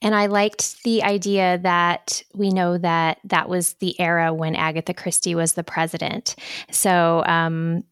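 A woman's voice: on the low side, fairly bright tone, clear, resonant tone, no room sound, clean studio sound. A woman co-hosting a podcast in an enthusiastic, chatty way. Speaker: podcast co-host. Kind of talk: casual chat.

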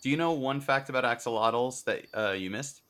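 A man's voice: medium pitch, brisk, fairly bright tone. A man co-hosting a podcast, chatting with dry jokes. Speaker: podcast co-host. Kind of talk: casual chat.

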